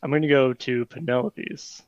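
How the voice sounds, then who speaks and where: A man's voice: medium pitch, fairly even intonation, moderate pace, no room sound, muffled recording. A man playing a character in a tabletop role-playing game, joking casually and thinking his moves through aloud. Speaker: player. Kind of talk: tabletop role-play chat.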